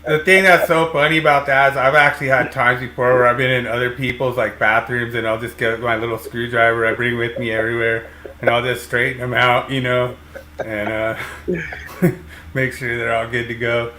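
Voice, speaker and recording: A man's voice: medium pitch, little pitch movement, normal speed, pushed and bright. A man hosting a podcast as an electrician, talking casually and rambling with lots of fillers and restarts. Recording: roomy echo.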